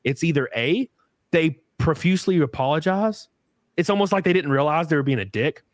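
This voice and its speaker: A man hosting a podcast in casual chat, telling profane, animated stories with acted quotes. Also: fairly high pitch, fairly quick, no echo, clean studio sound. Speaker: podcast host.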